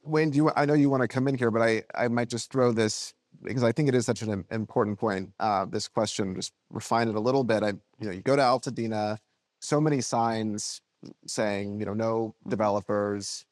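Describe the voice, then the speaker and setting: A man moderating a panel, halting and apologetic as he rephrases a question. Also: medium pitch, darkish tone, no echo, clean studio sound. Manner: halting and apologetic, with many restarts. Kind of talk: panel discussion.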